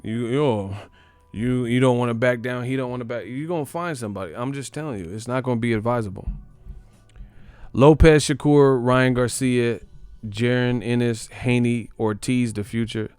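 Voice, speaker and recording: A man with a clear, resonant, darkish mid-range voice speaks at a moderate pace, with no echo. He's a boxing commentator on his own channel, delivering a casual, joking rant laced with profanity and trash talk.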